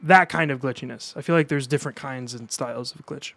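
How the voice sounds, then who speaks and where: A man's voice: medium pitch, brisk, creaky, fairly bright tone, dry recording. A young man streaming live, reacting to new music in a casual, enthusiastic way and chatting with his viewers.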